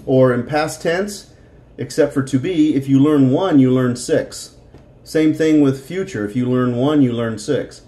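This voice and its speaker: A man's voice: mid-range voice, measured pace, warm tone, roomy sound. A middle-aged man teaching a Spanish lesson, patiently explaining grammar and repeating words for practice.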